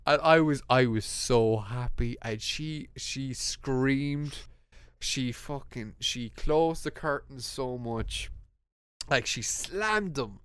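A young man with an Irish accent, a podcast co-host telling a story in casual chat, animated and laughing, with lots of restarts. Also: medium pitch, slow pace, clear, resonant tone, dry recording.

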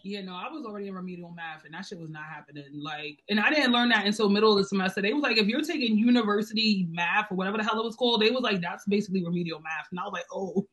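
Young woman cohost, bright sharp voice, swears a lot, goes from loud to mumbly. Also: mid-range voice, fast talker, poor audio. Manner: loud, blunt and profane, swings from shouting to muttering. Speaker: co-host. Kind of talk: casual chat.

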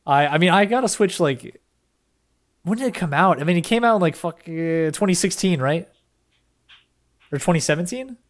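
A young man co-hosting a podcast in casual chat, excitable and rambling, with casual swearing. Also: high-pitched, normal speed, pauses often. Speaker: podcast co-host.

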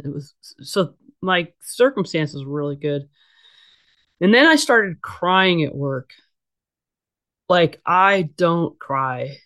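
A middle-aged woman talking candidly as an interview guest. She is blunt and casual, with frequent fillers and restarts. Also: deep voice. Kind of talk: candid conversational storytelling.

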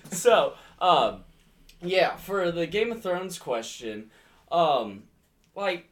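A man's voice: sits high, sing-song, drawn-out words, recorded from a distance. A man co-hosting a casual podcast chat in a playful, rambling way. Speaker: podcast co-host.

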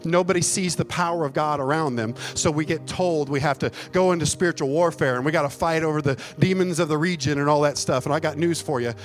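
A man's voice: fairly high pitch, fast, few pauses. A man preaching a sermon as a pastor, folksy and emphatic, joking as he goes. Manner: folksy, emphatic, jokes and laughs mid-preaching.

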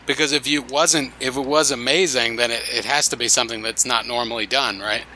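A man's voice: mid-range voice, steady tone, fairly quick, sharp tone, a little hiss or hum, rough recording. A man co-hosting a casual podcast, slangy and joking with his friends. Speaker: podcast co-host.

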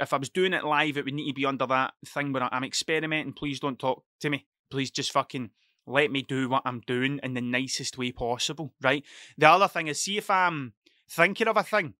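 Scottish male podcaster, solo monologue, bright punchy voice, rambling sweary storyteller. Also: on the high side, no room sound, clean studio sound. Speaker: podcast host. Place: at home at a computer desk.

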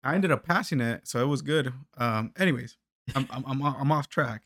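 A man's voice: mid-range voice, moderate pace, a bit bright, no room sound, studio quality. A man telling a story in casual podcast chat, swearing a lot, stammering on repeated words and laughing. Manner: profane, laughing, many restarts and stammers.

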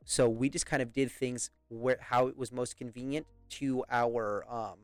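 A man's voice: mid-range voice, flat delivery, a little slow, smooth, no room sound, soft background music. A young British man rambling through a story in casual podcast chat, swearing and laughing often. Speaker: podcast host.

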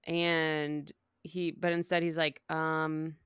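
Low-voiced woman retelling a book. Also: normal speed, clear, resonant tone, dry recording, clean studio sound. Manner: relaxed retelling, acts out quotes. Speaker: podcast co-host. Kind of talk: casual book podcast chat.

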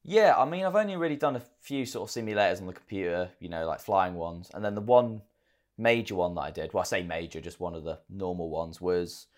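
A man with a fairly low voice co-hosts a casual podcast. He chats freely and tells stories with animation. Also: brisk. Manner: chatty, animated storytelling. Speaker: podcast co-host. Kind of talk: casual chat.

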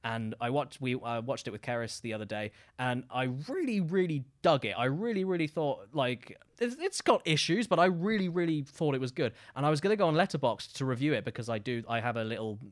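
A man, a guest on a gaming podcast, chatting casually in an animated way, repeating himself for emphasis and swearing freely. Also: mid-range voice, a little fast, few pauses.

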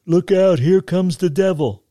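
A man's voice: mid-range voice, expressive, normal speed, mellow, dry recording, studio quality, pitched above the performer's own voice, natural voice. A man voicing a cocky young boy who teases his friend. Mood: taunting. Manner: taunting.

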